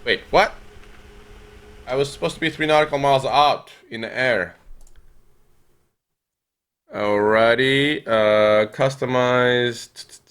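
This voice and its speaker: Bright-voiced young male game streamer. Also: medium pitch, takes it slowly, long pauses, clean tone. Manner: reads and answers viewer chat while playing; thinks aloud with many fillers, bursts into excited yells. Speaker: gaming streamer. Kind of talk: live gameplay commentary.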